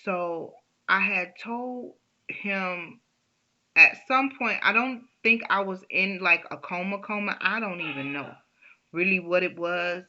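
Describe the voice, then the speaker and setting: A woman tells a personal story in a chatty, laughing way. She talks slowly with a bright, forceful tone. The recording is dull and lo-fi. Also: fairly low pitch. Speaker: storyteller, vlogger. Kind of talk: casual storytime.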